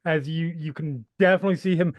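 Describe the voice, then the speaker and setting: A man playing a tabletop role-playing game, slowly and jokingly rambling about his character. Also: on the high side, dry recording. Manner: slow, rambling, jokey. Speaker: player.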